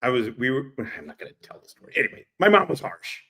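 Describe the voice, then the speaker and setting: A man's voice: mid-range voice, huge pitch swings, fast, bright, forceful tone. A man telling rambling, profane stories on a live stream, laughing often, through a laptop's built-in mic. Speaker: streamer reacting to clips. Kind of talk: casual live-stream storytelling.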